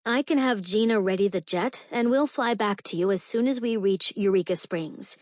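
A woman's voice: medium pitch, moderate pace, a little mellow, no echo, lightly acted. A woman reading the part of a commanding, protective vampire queen who speaks to her sister firmly and fiercely, recorded dry and close. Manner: firm and fierce.

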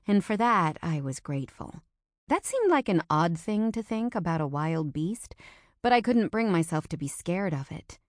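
A woman reading a first-person audiobook narration with an expressive delivery. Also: on the low side, no room sound, studio quality.

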